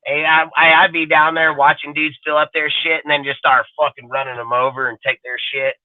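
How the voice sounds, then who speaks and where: Cussing dude ranting about his team, kinda high voice, tinny phone-sounding mic. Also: little pitch movement, brisk, no echo. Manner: loud, cursing, acts out rants in a shouting voice. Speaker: podcast co-host. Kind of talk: profane casual sports chat. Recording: dry tinny phone-like audio.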